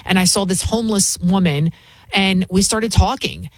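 A woman hosting a show, giving opinionated political commentary in an emphatic, indignant way with rapid rhetorical questions. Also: medium pitch, dry recording. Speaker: fill-in host.

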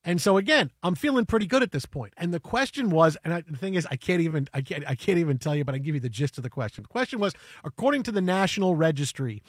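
A male radio host telling a story in animated chat, getting excitable and breaking into shouts and chants. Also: high-pitched, no room sound, studio quality.

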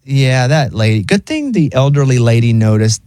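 Male radio host, mid-pitched, casual and jokey, dry studio mic. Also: very animated, normal speed, a little mellow, no room sound. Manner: chatty and joking, reads items then riffs. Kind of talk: casual chat, reading news stories.

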